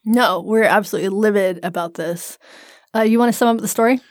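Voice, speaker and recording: A woman's voice: mid-range voice, fairly quick, no echo, studio quality. A woman co-hosting a podcast in casual banter, wry and playful. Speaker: podcast co-host.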